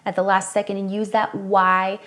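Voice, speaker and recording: A young woman coaching singers through a worship song, explaining technique calmly and demonstrating with bright sung examples. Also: mid-range voice, moderate pace. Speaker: vocal coach. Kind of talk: singing lesson with sung demonstrations.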